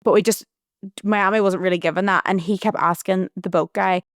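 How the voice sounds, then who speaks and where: A woman's voice: medium pitch, steady tone, a little fast, no room sound, studio quality. A woman hosting her own podcast, telling a personal story in a chatty, rambling way with lots of "like". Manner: chatty, rambling, heavy use of "like". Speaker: podcast host. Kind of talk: casual storytelling monologue.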